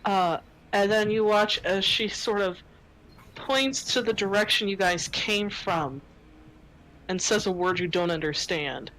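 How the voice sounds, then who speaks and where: A woman running a tabletop game as game master, narrating scenes in an unhurried, descriptive way with fillers. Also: medium pitch, fairly bright tone, low-quality recording.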